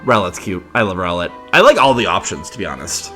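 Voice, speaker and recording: Brief: chatty gamer guy with an animated, rambling delivery for a let's play. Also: sits low, fast, hardly any pauses, faint music behind. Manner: chatty, rambling, many fillers and laughs. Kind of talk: casual gameplay commentary.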